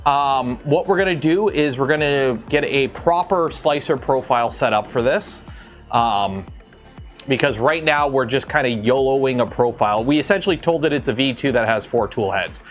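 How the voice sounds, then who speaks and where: Canadian guy livestreaming from his garage, mid pitch, rambly, stops to answer chat, faint music behind. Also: normal speed. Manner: rambling, self-interrupting, reads chat aloud. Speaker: livestream host. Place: home garage.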